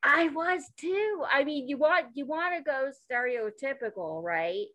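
A woman co-hosting a podcast in a bright, fairly high voice, talking at an unhurried pace. She is playful and excitable, often exclaiming. The recording is close and dry. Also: dry recording, lo-fi sound. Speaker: podcast co-host. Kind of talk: casual comedic chat.

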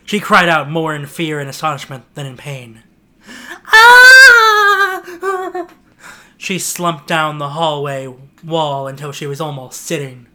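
Casting: man, casual podcast co-host reading aloud, bright voice. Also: on the high side, steady tone, normal speed, few pauses, a little hiss or hum. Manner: rambling, self-mocking. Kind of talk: casual chat and amateur story reading.

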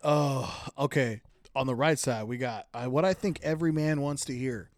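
A man's voice: medium pitch, moderate pace, no echo, studio quality. A man co-hosting a podcast, reading out bracket picks and swearing and laughing in casual banter. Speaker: podcast co-host.

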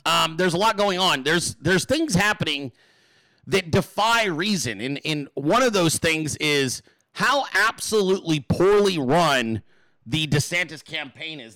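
Male livestream host, crude and mocking, bright, slightly high voice, dry close sound. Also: no room sound. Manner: profane, mocking, puts on shrill voices. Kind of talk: crude casual livestream rant.

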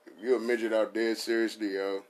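A man's voice: lowish voice, little pitch movement, fairly quick. A man riffing in a casual comedic style, rambling and profane, laughing at his own jokes.

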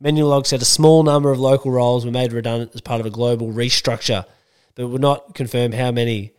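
A man's voice: mid-range voice, steady tone, fast talker, clear, resonant tone. An Australian man co-hosting a podcast, chatting casually and reading news items in a blunt, sweary, joking way. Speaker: podcast co-host.

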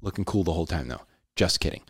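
A man telling a personal story in a casual, animated way, often saying "dude". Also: low-pitched, fast, husky, no echo, studio quality. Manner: animated, says "dude" a lot.

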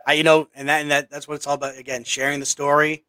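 A man hosts a podcast, enthusiastic and grateful toward his guests. His pitch stays fairly flat, and the sound is dry and close. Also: quick pace, no echo. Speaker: podcast host. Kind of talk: casual podcast hosting.

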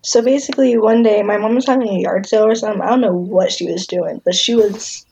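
A woman's voice: medium pitch, fast talker, creaky, a little mellow, muffled recording, slight background noise. A young woman casually chatting and telling a story to friends in a laid-back, giggly way. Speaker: friend in group chat.

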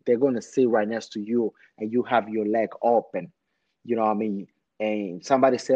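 Man, casual conversation, animated storyteller, mid pitch, dull dry audio. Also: moderate pace, no echo. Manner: animated storyteller, frequent "you know what I mean". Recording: slightly muffled dry recording.

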